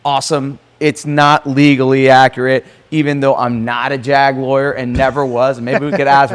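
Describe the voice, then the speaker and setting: A man co-hosting a podcast who is a lawyer, chatting in a loose, animated way, swearing and laughing often. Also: medium pitch, clean tone. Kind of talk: casual podcast chat.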